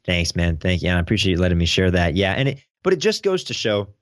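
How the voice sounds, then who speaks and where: Young man, energetic storyteller, very deep voice, dry close recording. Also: fast, dry recording. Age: young adult. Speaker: podcast guest, teen podcast host. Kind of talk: casual interview storytelling.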